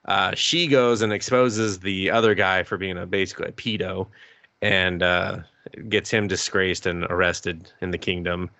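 A man's voice: low-pitched, fairly even intonation, moderate pace, bright, forceful tone, no room sound. A man co-hosting a podcast, recapping anime episodes in a loose, rambling way with lots of fillers and casual swearing. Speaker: podcast co-host.

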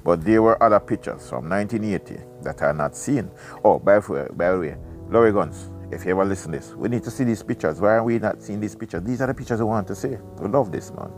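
Man, very low voice, gravelly, podcast reading with rambling asides, faint music behind. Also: quick pace. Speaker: podcast host reading a book aloud. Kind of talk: casual reading with side commentary.

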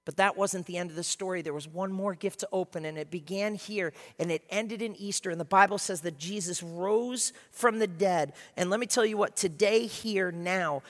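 A male pastor preaching a sermon, passionate and swinging from quiet to loud. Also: high voice, moderate pace, hardly any pauses, long reverb tail. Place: church sanctuary.

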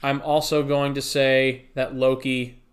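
Young man, podcast co-host, joking, rambling, mid-pitched voice. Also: little pitch movement, measured pace. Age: young adult. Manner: joking, rambling, laughs often. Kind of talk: casual chat.

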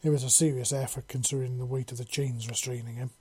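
A man reading a science-fiction fan story aloud, in steady descriptive narration. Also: medium pitch, quick pace, breathy edge.

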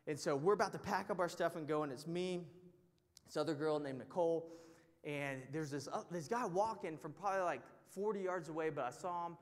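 A man's voice: on the high side, brisk. A young man teaching a Bible study, telling a story in a casual, self-mocking way full of filler words. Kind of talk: storytelling sermon. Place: teaching to a group in a large room. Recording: long hall reverb.

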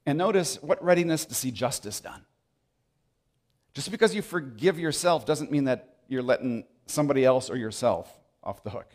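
A man's voice: medium pitch, moderate pace. A man preaching a sermon as pastor, emphatic and repeating phrases for stress.

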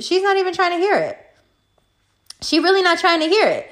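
A woman telling a story in a vlog, animated and heavy on profanity. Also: very high-pitched, a little fast, long pauses.

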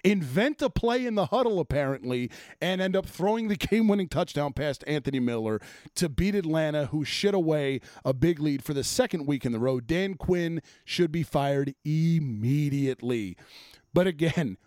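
A man's voice: fairly high pitch, expressive, normal speed, a little mellow, dry recording, studio quality. Blunt profane man ranting about sports. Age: adult, former offensive lineman. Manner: blunt, swearing, exasperated. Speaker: sports talk host.

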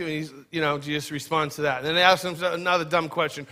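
A man preaching with a high, bright voice. He is emphatic and shifts from loud urgency to quiet, low stress. He acts out quoted voices in a casual way. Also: fairly even intonation, fast talker, few pauses. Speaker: pastor. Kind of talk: sermon.

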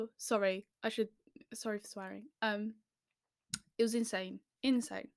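A young woman from the English Midlands telling a story to camera in a chatty, self-deprecating way, with quick asides. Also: mid-range voice, steady tone, clean tone, no echo, clean studio sound. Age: young adult.

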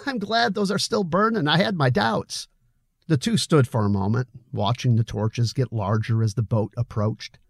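A man narrating a novel as an audiobook, reading with expressive storytelling. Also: mid-range voice, no room sound. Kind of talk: scripted narration.

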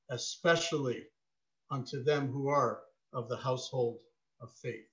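A middle-aged man preaching a sermon, telling personal stories in a heartfelt way, moving between soft passages and emphatic ones. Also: medium pitch, steady tone, measured pace, muffled recording.

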